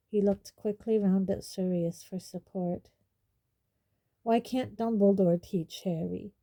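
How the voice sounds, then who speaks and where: Slow, dark-voiced woman narrator. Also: mid-range voice, low-quality recording. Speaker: audiobook reader. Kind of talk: storybook narration.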